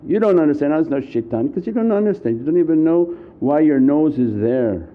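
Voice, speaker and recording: A man's voice: on the high side, animated, brisk, slight background noise. A man giving an earnest, repetitive Sufi sermon, sometimes acting out anxious inner voices. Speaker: Sufi preacher. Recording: muffled lo-fi recording.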